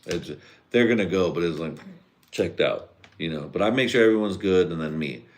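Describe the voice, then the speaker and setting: On a casual live podcast stream, a deep-voiced, very low-pitched host, a grown man with a wife and kids, goes on a loose rant. A little drunk, he rambles, curses and laughs often, with lively intonation at a moderate pace.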